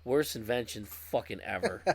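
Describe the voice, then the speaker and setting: A man's voice: lowish voice, moderate pace, creaky. A man co-hosting a podcast in casual chat, swearing freely and acting out his own angry outbursts. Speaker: podcast co-host.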